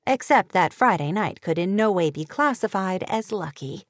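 A woman narrating a novel in a steady, even storytelling voice. Her pitch sits in the middle. The sound is dry and close, with no room around it. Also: moderate pace, hardly any pauses, dry recording. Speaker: audiobook narrator.

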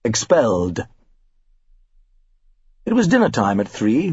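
Wry, expressive male audiobook narrator. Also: medium pitch, normal speed, slightly rough, no room sound, dull audio. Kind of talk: scripted narration.

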